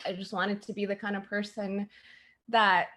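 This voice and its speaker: A woman's voice: medium pitch, flat delivery, moderate pace, bright, forceful tone. A young woman from Canada chatting casually on a livestream, telling stories animatedly and acting out the voices of people she quotes. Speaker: guest, streamer's best friend.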